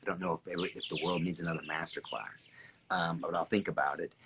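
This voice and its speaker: Low-voiced man live-streaming among loud birdsong. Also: fairly quick, noisy background. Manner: animated and repetitive, swearing, greeting viewers by name. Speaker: artist and creative coach hosting a live stream. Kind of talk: casual live-stream chat reading viewer comments. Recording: birds chirping clearly in the background.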